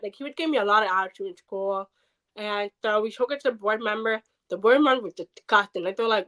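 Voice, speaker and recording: A woman who is hard of hearing, a podcast interview guest, tells a personal story fast in a medium-pitched voice, with poor audio. She's animated and acts out what other people said.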